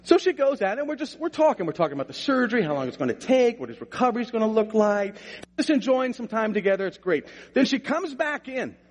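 A man's voice: sits high, big pitch swings, fast. A middle-aged male pastor preaching a sermon, telling a funny story in a folksy way before building into emphatic preaching. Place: church sanctuary. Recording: long reverb of a church hall.

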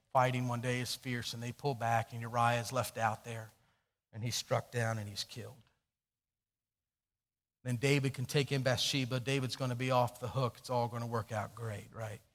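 A man preaching a sermon, telling a story and swinging from hushed, low passages to loud, emphatic questions. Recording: long hall reverb.

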